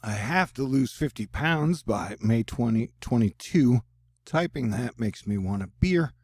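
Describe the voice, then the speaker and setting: A man with a gravelly, husky voice runs through news and weather in a loose, rambling way. He drops self-deprecating jokes between reports. The sound is dry and close. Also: medium pitch, expressive, a little slow, darkish tone, no echo. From United States. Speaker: news channel host. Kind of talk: casual news commentary.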